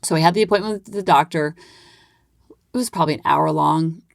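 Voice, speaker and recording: Woman host in her thirties, chatty and animated, lowish voice, dry recording. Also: a little fast, creaky, no room sound. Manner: animated, acts out quoted lines. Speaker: podcast host. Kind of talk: casual storytelling monologue.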